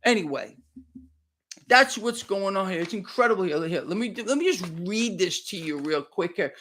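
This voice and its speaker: A man's voice: sits high, animated, moderate pace, pushed and bright, a little hiss or hum. A middle-aged man doing a live market commentary, heated and sarcastic, often repeating himself as he rants.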